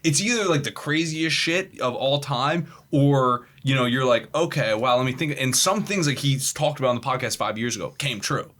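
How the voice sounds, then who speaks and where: A man's voice: medium pitch, expressive, moderate pace, few pauses, fairly bright tone. A young man hosting a casual podcast chat, loose and profane, laughing often and slipping into put-on voices. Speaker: podcast host.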